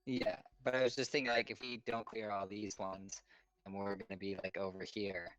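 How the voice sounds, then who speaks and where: A man's voice: lowish voice, flat delivery, moderate pace, a bit bright, dry recording, rough recording. A man playing a tabletop game, suggesting ideas tentatively and going along easily. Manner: tentative, easygoing. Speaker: player. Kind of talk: casual chat.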